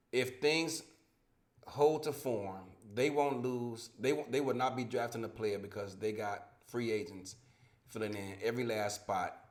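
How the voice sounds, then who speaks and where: Profane, heated podcast host man. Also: fairly low pitch. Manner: profane, heated, rambling with restarts. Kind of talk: casual sports podcast banter. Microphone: home microphone with dropouts.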